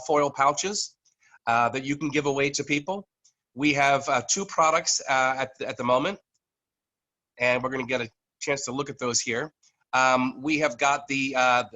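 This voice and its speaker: A man talks through a video-call microphone in a bright, forward voice. He speaks haltingly, full of fillers and restarts, and now and then coughs from allergies. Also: medium pitch, rough recording. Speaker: network marketing leader presenting to a team. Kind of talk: online business meeting presentation. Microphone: computer microphone on a video call.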